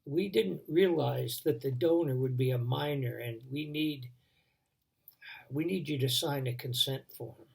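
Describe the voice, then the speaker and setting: A man voicing a grave, gentle old doctor who talks in a hushed, pleading way. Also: mid-range voice, a little slow, vocal fry, breathy edge. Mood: somber hushed.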